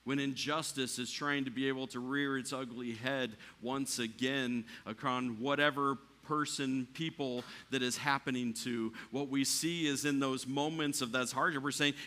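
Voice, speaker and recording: A man preaching a sermon in a church, climbing to near shouting at the peaks and dropping quiet for the calm lines. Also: medium pitch. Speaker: pastor.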